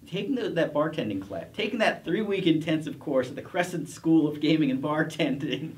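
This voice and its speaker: A man's voice: a little high, animated, fairly quick, darkish tone, recorded from a distance. A middle-aged man, a professor, telling his career story in a casual interview, rambling with restarts and self-deprecating chuckles. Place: college TV studio.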